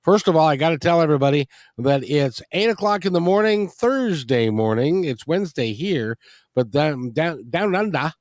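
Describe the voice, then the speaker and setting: Male talk radio host, folksy and rambling, animated swoops in pitch, dry close mic. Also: normal speed, dry recording. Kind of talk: casual interview chat.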